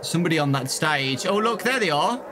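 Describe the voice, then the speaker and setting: A man reacting to a horror game as a YouTuber, with slow, wondering commentary and gasps. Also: a little high, lively intonation, noisy background. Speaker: gaming YouTuber. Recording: talking over loud game music.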